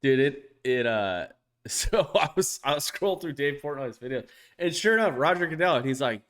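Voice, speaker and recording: A man in casual podcast chat, swearing freely as he tells stories. His pitch rides up and down with lively animation, at a middle register for a man. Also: moderate pace. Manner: profane, animated storytelling, jumps high when quoting others. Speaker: podcast co-host.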